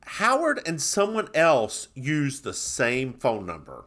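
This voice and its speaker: Young male podcast co-host, chatty recap, bright tone and lively, bouncing pitch. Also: slow pace. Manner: playful, giggly, mock-dramatic retelling. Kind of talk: casual chat recapping a TV episode.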